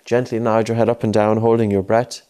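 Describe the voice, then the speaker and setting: Low, mellow-voiced male breathing coach. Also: little pitch movement, brisk. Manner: patient, coaxing, repeats cues. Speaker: breathing instructor. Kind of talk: guided breathing lesson with a child.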